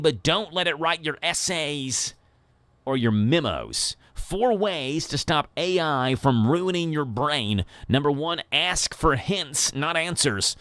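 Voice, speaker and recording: In a radio studio, a man hosts a morning show, chatting casually and working through his points one by one in numbered order. His voice is a little high, bright, and forceful, picked up by a studio microphone with no echo.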